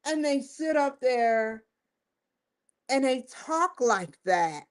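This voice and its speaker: A woman's voice: high-pitched, animated, slow. A woman hosting her own show, giving an emphatic, rambling opinion commentary that circles back and repeats points. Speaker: show host.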